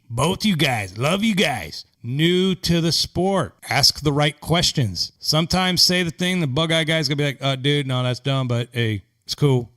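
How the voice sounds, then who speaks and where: A fired-up man ranting solo on his own podcast. His voice sits a bit higher than most men's, and he talks bluntly and swears freely. He keeps slipping into a prissy falsetto to mock the people he disagrees with. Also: fairly bright tone. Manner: blunt, profane, riled-up, mocks others in prissy falsetto voices. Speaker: podcast host. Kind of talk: opinionated solo podcast rant.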